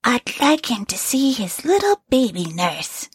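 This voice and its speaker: Woman doing a soft hopeful young wife. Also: a little high, sing-song, unhurried, breathy edge, no room sound, voice pushed up, heavily acted. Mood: wistful. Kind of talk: audiobook reading.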